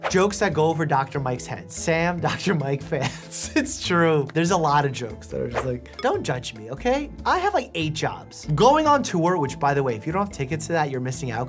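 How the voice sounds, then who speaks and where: Jokey doctor reacting to memes. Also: male voice, fairly high pitch. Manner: jokey, laughs often, quick asides. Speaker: doctor and YouTuber. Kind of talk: casual meme reaction commentary.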